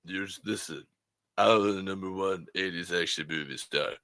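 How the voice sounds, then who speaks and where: A man doing an impression of a boastful male eighties action movie star with a low, slurred mumble. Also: moderate pace, sharp tone, dry recording.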